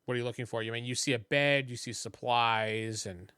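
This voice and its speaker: A man's voice: medium pitch, fairly even intonation, a little fast, pushed and bright, clean tone, dry recording, studio quality. A man narrating a tabletop game as game master in an easygoing way, with hesitant restarts.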